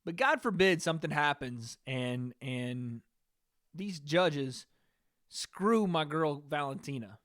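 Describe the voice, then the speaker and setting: High-voiced man giving casual live commentary. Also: slow, dry recording, studio quality. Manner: relaxed, rambling, profane, talking to chat. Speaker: live stream host.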